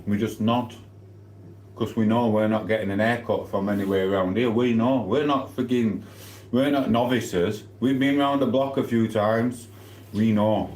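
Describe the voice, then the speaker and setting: Man for a casual live-stream, low-ish voice, chatty and relaxed, roomy echo. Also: moderate pace. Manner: chatty, reads out viewer comments while eating. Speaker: livestreamer. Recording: echoey room.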